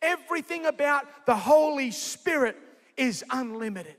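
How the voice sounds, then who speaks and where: Energetic high-voiced pastor. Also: male voice, normal speed. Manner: energetic, jokey, calls out to the crowd. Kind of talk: sermon. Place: large convention centre. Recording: echoey convention hall.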